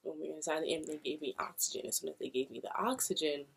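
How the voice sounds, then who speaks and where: A young woman from Brooklyn, New York, speaks in a low, gravelly, husky voice at a very fast clip. She's a vlogger casually telling a personal story to camera, acting out what people said along the way.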